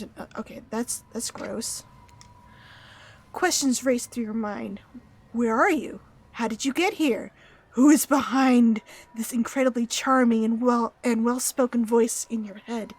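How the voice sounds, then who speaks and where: A woman's voice: fairly high pitch, measured pace, husky. Playful woman reading game text aloud. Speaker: streamer.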